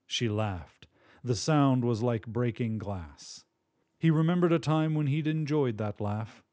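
Dark-voiced man narrating a story. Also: medium pitch, unhurried, no room sound, studio quality.

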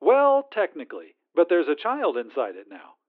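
A man's voice: a little high, huge pitch swings, moderate pace. A man doing a syrupy cheerful phone agent. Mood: sweetly insistent. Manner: syrupy customer-service politeness. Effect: phone filter. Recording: tinny phone line.

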